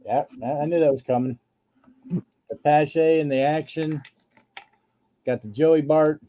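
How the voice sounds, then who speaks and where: A man's voice: fairly high pitch, steady tone, unhurried, warm tone. A man hosting a live card-sale stream, chatting casually and listing cards as he shows them.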